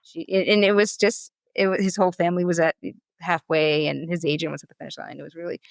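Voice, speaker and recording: A woman who is a marathon runner and coach, telling stories in a lively, chatty way as a podcast guest. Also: fairly low pitch, creaky, dry recording. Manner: animated, quick storyteller acting out quotes. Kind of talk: casual storytelling interview.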